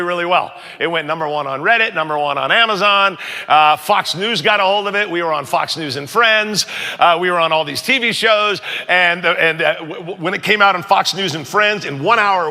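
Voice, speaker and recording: A middle-aged man, a pastor, telling a story in a sermon and acting out the other voices with animated raised lines. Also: sits high. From United States. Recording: long hall reverb.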